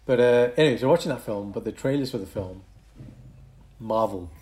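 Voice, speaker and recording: A man co-hosting a casual podcast chat, animated, swinging between loud bursts and quieter asides. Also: medium pitch, a little fast. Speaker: podcast co-host.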